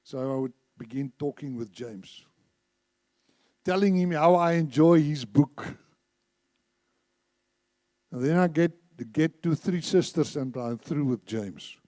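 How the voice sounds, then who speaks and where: A man's voice: a little high, takes it slowly, pauses often, mellow, dry recording. A man preaching a sermon in a church, emphatic, repeating phrases and leading the congregation in reciting scripture. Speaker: church speaker.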